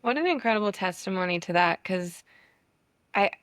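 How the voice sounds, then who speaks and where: A woman's voice: mid-range voice, animated, normal speed, fairly bright tone, dry recording, studio quality. A woman hosting a podcast interview, answering her guest in a casual, affirming way. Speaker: podcast host.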